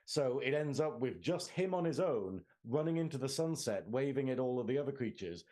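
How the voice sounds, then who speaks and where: A man's voice: mid-range voice, lively intonation, brisk, warm tone. A man with a Northern English accent co-hosting a film podcast, chatting casually and animatedly, acting out characters' lines and laughing often. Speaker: podcast co-host. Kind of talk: casual film discussion chat.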